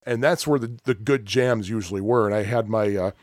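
A man's voice: on the low side, a little fast, no room sound. Chatty male storyteller, mid-range voice, dry close recording. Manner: rambling and animated, with frequent laughs and acted-out quotes. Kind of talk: casual storytelling chat.

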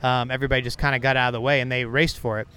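A man's voice: medium pitch, level tone, rapid-fire, bright, forceful tone, clean tone. A man reporting on motorsport, interviewing with a dry, teasing, mock-serious manner in a casual podcast chat. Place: outdoors at a racetrack.

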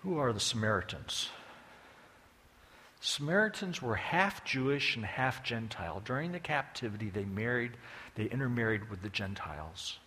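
A man's voice: mid-range voice, sing-song, moderate pace, bright, forceful tone, slight background noise. A man preaching a sermon as a folksy, joking storyteller, with long hall reverb behind him.

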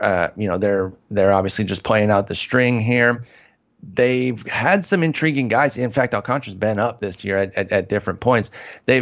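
A man with a lowish voice talks baseball in a loose, rambling way, often correcting himself mid-sentence. He pokes fun at his own slips. The recording sounds slightly dull and lo-fi. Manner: rambling, self-correcting, self-deprecating. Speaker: fantasy baseball podcast host. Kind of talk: casual sports chat.

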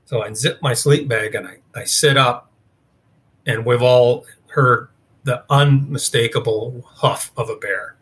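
Man, interview guest, casual rambling storyteller, bright forceful voice. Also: medium pitch, measured pace. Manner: casual, rambling, with many fillers. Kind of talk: storytelling in conversation.

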